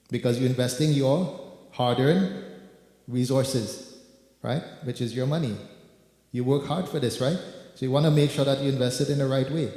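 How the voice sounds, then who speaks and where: This man, leading kirtan, preaches a sermon in a temple hall in a mellow, medium-pitched voice. He calls the listeners devotees and repeats words for emphasis, against echo and music.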